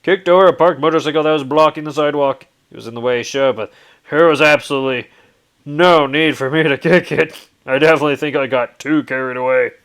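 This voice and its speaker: A man hosting a let's play, reading a visual novel aloud with animated laughing asides and swearing, with traffic noise behind. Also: on the high side, a little fast, clear, resonant tone.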